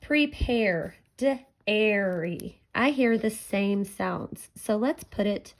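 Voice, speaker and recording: A woman teacher giving a recorded phonics lesson to children, speaking clearly and drawing out each sound. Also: medium pitch, a little mellow. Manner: slow, clear, stretching out sounds for young learners.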